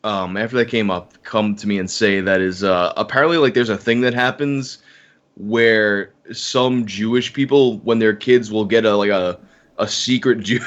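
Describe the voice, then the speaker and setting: A man's voice: medium pitch, fairly bright tone, highs cut off. A man guesting on a podcast, rambling casually and swearing offhandedly. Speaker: podcast guest, online video maker.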